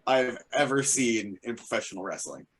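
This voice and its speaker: A man's voice: medium pitch, expressive, normal speed, fairly bright tone. A man co-hosting a casual podcast, playful and rambling with jokey asides. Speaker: podcast co-host. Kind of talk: casual chat.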